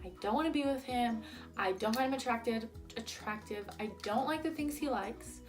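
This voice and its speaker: A woman's voice: fairly high pitch, normal speed, faint music behind. A young woman vlogger telling a personal story in a chatty, heated way, with lots of "like" fillers. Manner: chatty, heated retelling full of "like". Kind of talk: storytime vlog.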